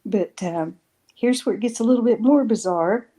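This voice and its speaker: A woman's voice: fairly high pitch, moderate pace, dark tone. A woman guest on a podcast, telling a personal story in a casual way and retelling each conversation line by line with many "I said" and "she says". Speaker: guest sharing paranormal experiences.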